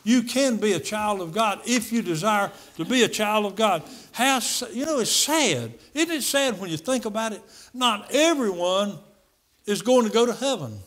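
High-voiced man preaching an emphatic sermon. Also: lively intonation, normal speed, a bit bright. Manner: emphatic, repeats key phrases. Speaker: pastor. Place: church service.

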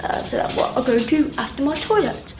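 A woman's voice: sits high, expressive, a little fast, noisy background. A woman chatting at home in a casual, rambling vlog, full of ums and restarts. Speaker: vlogger.

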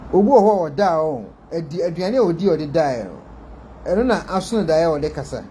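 A man with a Ghanaian accent, giving excitable casual commentary to his viewers, switching between Twi and English. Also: on the high side, fast talker, a little hiss or hum. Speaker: vlogger.

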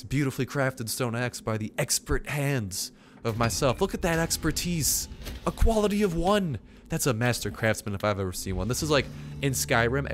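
A man's voice: on the low side, noisy background. Chatty young man narrating gameplay. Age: young adult. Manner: chatty, rambling, self-mocking. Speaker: gaming YouTuber. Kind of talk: casual let's-play commentary.

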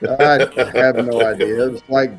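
A man reading aloud and chatting loudly with friends on a casual show. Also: medium pitch, moderate pace, over loud music. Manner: loud, animated reading aloud. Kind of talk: casual group chat.

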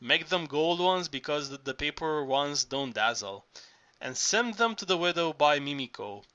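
A boisterous older Greek working man, as a male audiobook reader plays him, pressing his point with coaxing urgency. His voice is bright and forceful, pitched a little high for a man, and he stumbles and restarts his phrases as he pushes on. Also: expressive, normal speed, muffled recording. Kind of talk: audiobook reading.

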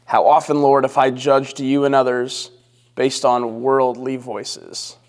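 A male pastor slowly reading scripture and leading prayer in a measured, solemn way. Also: medium pitch, level tone, in a large hall. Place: church sanctuary.

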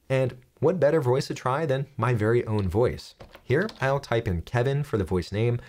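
A young man guiding viewers through a software tutorial. His voice moves lively up and down as he explains each click, with a light, joking touch. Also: mid-range voice. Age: young adult. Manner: upbeat, jokey step-by-step explaining. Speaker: tech tutorial host. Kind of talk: screen-recorded software tutorial.

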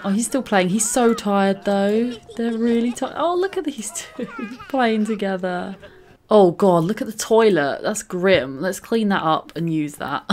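A woman's voice: mid-range voice, slight background noise. A young woman giving casual, chatty commentary while playing a life-simulation game. She giggles often and coos over cute moments. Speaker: gaming channel host.

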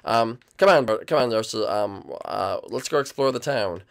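A man's voice: on the low side, expressive, normal speed, vocal fry. A man voicing a nervous pregnant female dinosaur who hesitates and stammers, in a game role-play. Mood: evasive.

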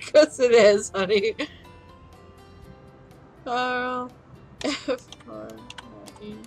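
A woman's voice: a little high, big pitch swings, very slow, pauses often. A woman casually playing a video game with a child, laughing often and coaxing her along. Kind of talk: casual let's-play chat. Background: faint chiptune music.

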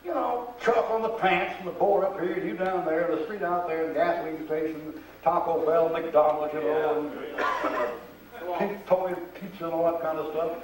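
An older man delivers a church sermon of folksy tales, voicing the people he quotes. His pitch is fairly high and his intonation fairly even, at a normal speed. A far camera recorded him from a distance, leaving a roomy echo.

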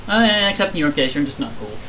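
A man's voice: fairly high pitch, very animated, fast talker, bright, forceful tone, far from the mic, a little hiss or hum, poor audio. A man playing a video game with a friend, teasing him, joking and swearing when he loses. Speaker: let's play commentator. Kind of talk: casual gaming banter.

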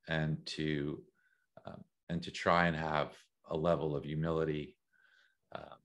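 A middle-aged American man talking as an interview guest, thoughtful and measured, often repeating words as he thinks. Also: a bass voice. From United States. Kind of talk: reflective interview talk.

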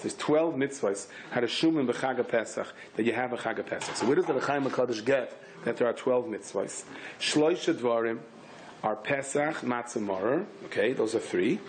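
A man, a rabbi, giving a lively Torah class in English mixed with Hebrew and Yiddish words, with sudden high, emphatic bursts. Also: a little hiss or hum.

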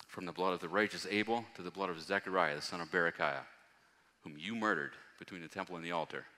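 Bright-voiced male preacher in a reverberant hall. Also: sits low. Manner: reads scripture aloud, rising to loud emphatic passages. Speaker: pastor. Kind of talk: sermon. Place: church hall.

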